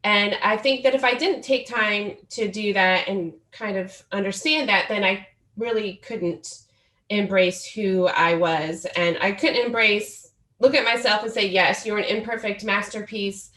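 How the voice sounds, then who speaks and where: A woman's voice: medium pitch, measured pace, pushed and bright, reverberant. A woman in her forties, a guest author telling her story in an earnest, reflective way during a podcast interview. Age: 40s.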